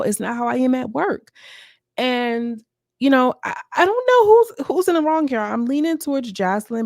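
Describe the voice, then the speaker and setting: A woman's voice: mid-range voice, vocal fry, no room sound, clean studio sound. A young woman giving a casual, gossipy recap of a reality show, acting out what the cast said. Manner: chatty, gossipy, acts out quotes from the cast.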